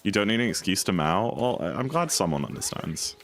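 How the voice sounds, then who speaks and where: Playful man with a lively voice. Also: low-pitched, brisk. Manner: playful, jokey, reads chat aloud. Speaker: streamer. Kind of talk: casual livestream chat while speedrunning.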